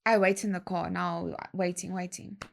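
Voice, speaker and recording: A young adult woman, telling a story in a slangy, animated way and acting out other people's lines. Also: lowish voice, moderate pace, creaky. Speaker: guest DJ. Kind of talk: casual storytelling chat.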